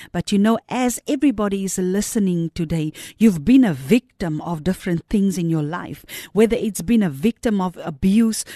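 A woman's voice: mid-range voice, warm tone, dry recording, studio quality. Fervent South African woman preaching. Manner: fervent, repetitive declarations. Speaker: pastor. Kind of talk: radio preaching and prayer.

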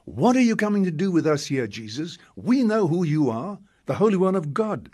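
A man's voice: a little high, very animated, moderate pace, a little mellow, slightly rough, voice pushed up. A man voicing an agitated male unclean spirit in a spoken scripture retelling. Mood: alarmed.

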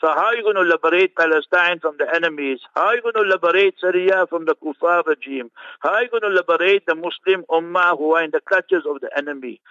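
Fervent scholar on muffled radio. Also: male voice, fairly high pitch, quick pace, pushed and bright, dry recording. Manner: fervent, scornful, sermonizing with Arabic recitations. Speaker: religious scholar commenting on a sermon. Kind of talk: translating and commenting on a Friday sermon.

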